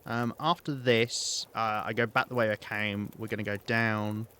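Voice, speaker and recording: A man's voice: lowish voice, little pitch movement, moderate pace, bright, forceful tone, clear, resonant tone. A British man streaming a survival game, rambling and thinking aloud as he plays, with many ums and restarts. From Britain. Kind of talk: live gameplay commentary.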